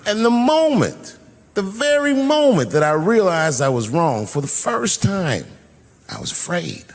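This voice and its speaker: A middle-aged man telling a profane, animated story as a stand-up comedian. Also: sits high, measured pace. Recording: live venue with long reverb.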